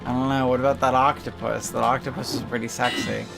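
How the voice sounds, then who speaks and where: A man's voice: medium pitch, level tone, quick pace, vocal fry, over music. A man co-hosting a let's play, trading teasing, playful banter about the game. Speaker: co-host. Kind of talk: casual gameplay banter.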